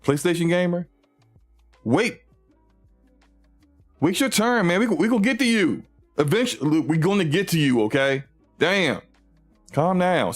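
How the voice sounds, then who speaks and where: A man's voice: a little high, voice pushed up, natural voice. A man doing a fawning, smug company rep. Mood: dismissive. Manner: overly accommodating, then dismissive.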